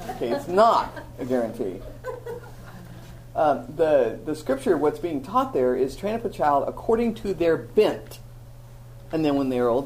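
A woman teaching a Bible lesson to a live audience, telling stories with animated, self-mocking humor. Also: rumbling low, poor audio.

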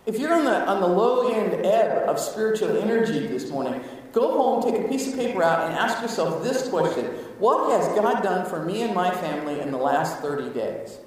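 A man preaches with a high, lively voice that rises and falls all over the place. He is heard from some way off in a big room, with long reverb hanging after his words. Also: normal speed, hardly any pauses. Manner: animated, swings from hushed asides to loud exclamations. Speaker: pastor. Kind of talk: sermon. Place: church sanctuary. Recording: echoey hall, mic at a distance.

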